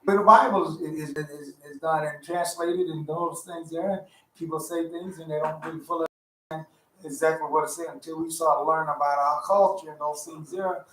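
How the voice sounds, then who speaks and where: A man's voice: a little high, fairly even intonation, moderate pace, fairly bright tone. A man teaching a Bible study in a folksy, conversational way, repeating himself as he explains. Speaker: teacher leading a Torah study. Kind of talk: informal sermon. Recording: roomy sound from a distant mic.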